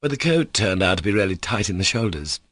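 A man narrating a classic novel in a steady, even storytelling manner. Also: low-pitched, fast talker, no room sound. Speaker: audiobook narrator. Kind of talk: scripted narration.

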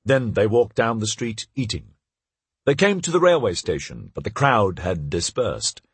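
A man reads a story aloud with an expressive, rising and falling delivery. His voice is strongly husky, middle in pitch, and recorded close and dry. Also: normal speed, no echo. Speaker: narrator. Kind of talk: audiobook narration.

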